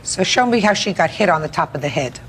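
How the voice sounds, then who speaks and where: A woman presiding as a courtroom judge, firing off blunt, pointed questions. Her pitch rises and falls a great deal as she presses a witness, and her delivery is no-nonsense throughout. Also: expressive, quick pace, fairly bright tone, a little hiss or hum. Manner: blunt, sharply probing, no-nonsense.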